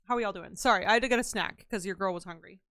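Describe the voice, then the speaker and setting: A woman's voice: medium pitch, very fast, fairly bright tone, no room sound, studio quality. A woman live-streaming a game from her home setup, chatting casually with her viewers in a playful, joking way.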